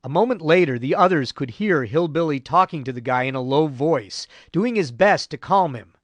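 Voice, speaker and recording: A man narrating a war history audiobook in a measured, grave storytelling voice. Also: on the high side, lively intonation, no room sound. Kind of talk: scripted narration.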